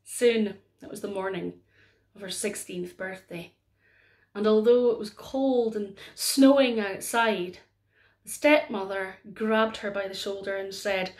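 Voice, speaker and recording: A woman storyteller telling a traditional folk tale aloud in a gently dramatic way. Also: mid-range voice, unhurried.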